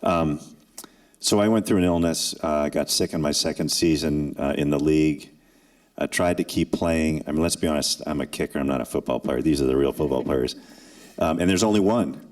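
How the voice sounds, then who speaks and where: Older guy, really low voice, earnest storytelling to students at a forum, pauses for effect. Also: darkish tone. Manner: earnest, with dramatic pauses and acted quotes. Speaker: former NFL kicker and forum speaker. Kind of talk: emotional personal storytelling to students. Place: event hall.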